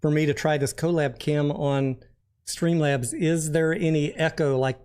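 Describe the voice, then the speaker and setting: A man's voice: a little high, fairly even intonation, a little slow, darkish tone, clear, resonant tone. A man hosting a casual livestream, chatting and joking while reading viewer comments aloud. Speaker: livestream host.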